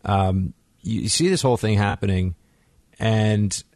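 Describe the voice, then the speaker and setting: 低沉的男性电台主持人，声音干而近. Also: male voice, on the low side, measured pace, a little mellow, no echo. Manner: conversational, frequent restarts, opinionated. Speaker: radio talk show host. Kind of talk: casual talk radio. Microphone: studio microphone.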